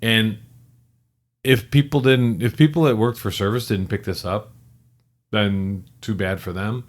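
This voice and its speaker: A middle-aged man co-hosts a relaxed conversation in a fairly low voice. He rambles, restarts his sentences and slips in the odd joke. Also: measured pace. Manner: rambling, self-correcting, joking. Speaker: podcast co-host. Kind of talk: casual chat.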